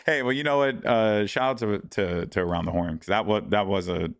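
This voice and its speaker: A man's voice: on the low side, steady tone, brisk, creaky, no room sound, clean studio sound. Rambling man on a wrestling podcast. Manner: rambling, self-interrupting with many fillers. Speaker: podcast co-host. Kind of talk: casual podcast chat.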